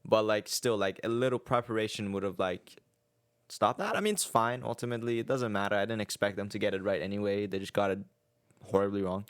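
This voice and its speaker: A young man co-hosting a podcast, talking in a relaxed, rambling way with many fillers. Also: fairly low pitch, fairly quick, smooth, no echo, clean studio sound. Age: young adult. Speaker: podcast co-host. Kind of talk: casual chat.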